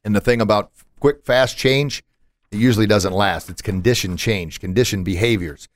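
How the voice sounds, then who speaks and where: A man's voice: lowish voice, moderate pace, dry recording, clean studio sound. A man hosting a podcast in casual chat, emphatic and motivational, with punchy asides. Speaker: podcast host.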